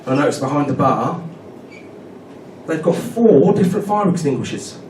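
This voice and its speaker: Loud noise and echo fill this distant recording of a man in his thirties doing stand-up at a pub comedy night. His voice is a little high with lively intonation at a normal speed. He's chatty, checking in with the crowd again and again with "right?".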